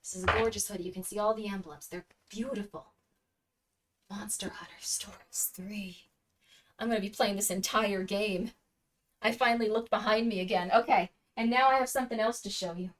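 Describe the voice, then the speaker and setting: A woman streamer chatting casually during an unboxing, gushing with excitement and often slipping into a half-whisper. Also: mid-range voice, quick pace. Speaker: VTuber streamer.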